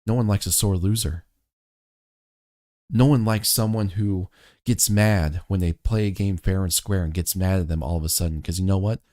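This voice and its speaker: A man in his thirties talking earnestly to camera, telling a family story in a measured, reflective way. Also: deep voice, fairly even intonation, warm tone, dry recording, clean studio sound. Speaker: motivational vlogger.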